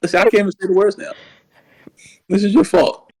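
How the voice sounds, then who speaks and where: A man co-hosting a podcast in casual wrestling chat. He has a slight lisp and rambles excitedly, repeating words when worked up. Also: high-pitched, brisk, pauses often, breathy edge, poor audio. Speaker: podcast co-host.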